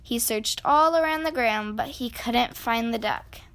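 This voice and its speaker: Slow, gentle woman reading a kids' story. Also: fairly high pitch. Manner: slow, expressive read-aloud. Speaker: children's storyteller. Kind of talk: reading a picture book aloud.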